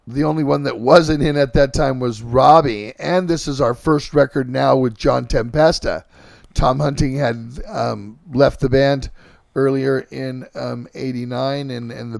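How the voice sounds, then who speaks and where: A middle-aged man hosting a podcast, telling band stories in a halting, casual way with lots of fillers and restarts. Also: medium pitch, vocal fry, no echo, clean studio sound. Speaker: podcast host and band singer. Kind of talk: casual rambling storytelling.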